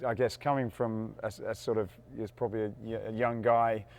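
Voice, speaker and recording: Low-voiced British man asking questions. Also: flat delivery. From United Kingdom. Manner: hesitant, halting questions. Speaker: podcast host. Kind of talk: interview questions. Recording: faint background noise.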